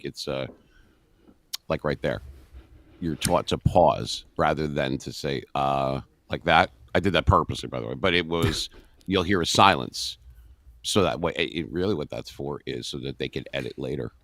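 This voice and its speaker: A middle-aged man with an extremely deep, forceful radio voice chats casually on a video call. He speaks in an even monotone, thinking aloud with pauses. The sound is close and dry. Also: dry recording. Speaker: radio host and voice-over artist. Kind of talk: casual interview talk.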